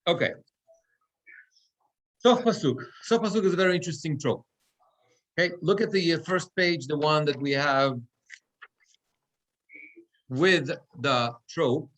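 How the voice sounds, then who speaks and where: A man's voice: fairly high pitch, measured pace, long pauses, fairly bright tone. A man, a cantor, teaching a Torah reading class and explaining step by step while checking that students follow. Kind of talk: class instruction. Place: synagogue classroom or online class.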